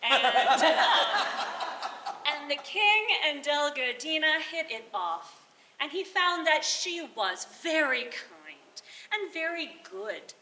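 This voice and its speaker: A woman tells a folk tale live, animated and chuckling between lines. Her voice is high, bright and lively, her pace unhurried. The roomy hall adds echo. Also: slight background noise. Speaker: storyteller. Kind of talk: live oral storytelling. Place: bardic gathering hall.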